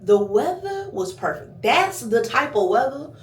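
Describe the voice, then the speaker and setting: A woman vlogger telling a restaurant story as a casual, profane, animated rant. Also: fairly high pitch, measured pace, roomy sound, soft background music.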